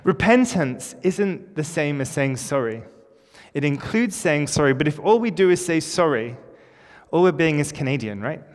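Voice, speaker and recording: A man's voice: a little high, expressive, moderate pace. Male pastor preaching in an echoey church. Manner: informal, conversational preaching with light jokes. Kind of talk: sermon. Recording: echoey church with long reverb.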